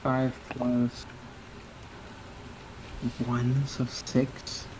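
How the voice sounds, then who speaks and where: A man's voice: mid-range voice, monotone, very slow, crowd noise, poor audio. Man thinking aloud over dice. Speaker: player. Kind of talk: casual tabletop role-play.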